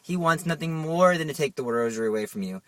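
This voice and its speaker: A man's voice: fairly high pitch, expressive, quick pace, no echo. Earnest man preaching on prayer. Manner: earnest, repetitive, rhetorical questions. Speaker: Catholic preacher. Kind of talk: devotional teaching talk.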